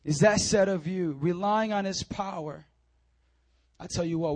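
High-voiced, animated male preacher. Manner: animated preaching, swinging between loud urging and quiet intimacy; repeats calls like "come on now" and "I'm telling you". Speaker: pastor. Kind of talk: sermon.

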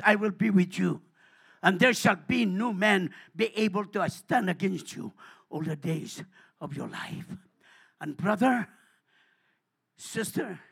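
A man preaching a sermon in church, repeating hallelujah between phrases and swinging from hushed asides to shouted calls. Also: high voice, vocal fry, husky. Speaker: pastor.

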